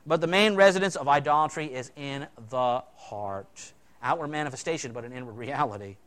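A male pastor preaching a sermon, swinging between loud, emphatic lines and quiet, low asides. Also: fairly quick.

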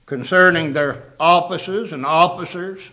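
A man's voice: a little high, unhurried, pushed and bright. A man preaching a sermon, emphatic, repeating words for stress.

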